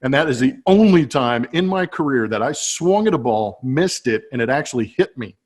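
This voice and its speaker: Man, middle pitch, casual chat, animated storyteller, laughs as he talks, webcam call. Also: normal speed. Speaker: podcast co-host, former baseball player. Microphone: webcam setup.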